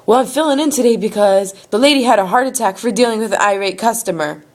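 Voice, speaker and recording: A woman's voice: on the high side, fast talker, pitched above the performer's own voice, lightly acted. Laid-back male towing clerk, woman doing him, matter-of-fact. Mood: offhand. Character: casual young male towing lot clerk.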